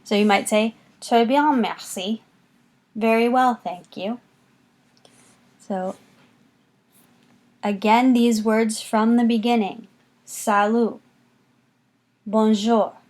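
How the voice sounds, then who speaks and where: Patient teacher voice, woman, unhurried classroom delivery with lots of repetition. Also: fairly high pitch, darkish tone. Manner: patient, slow, repeats words for students to copy. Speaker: French teacher. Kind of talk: recorded classroom lesson.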